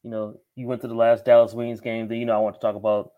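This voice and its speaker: A man's voice: mid-range voice, little pitch movement, quick pace, phone-quality sound. A man co-hosting a podcast, chatting casually in a laid-back way and steering the topics. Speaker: podcast co-host.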